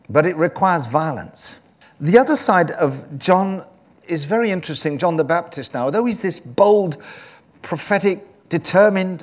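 Animated male preacher. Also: fairly high pitch. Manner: animated, swinging from soft to loud. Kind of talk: sermon.

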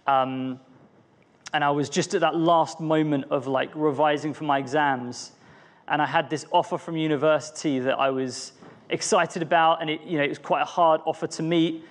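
A young man giving an earnest, personal devotional talk, often restarting his phrases. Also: fairly high pitch. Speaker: preacher.

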